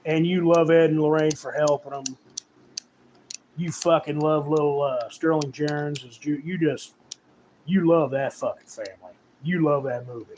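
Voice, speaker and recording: Profane rambling man with a higher voice. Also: fairly even intonation, normal speed, darkish tone, a little hiss or hum, rough recording. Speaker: horror writer and reviewer. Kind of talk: casual rant.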